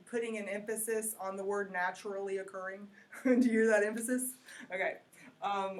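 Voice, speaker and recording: A woman teacher talks through a lecture in a loose, conversational way and keeps checking in with her class. Her voice sits at an ordinary middle pitch. She is heard from some distance from the mic. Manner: conversational, asks the class questions, goes off on tangents.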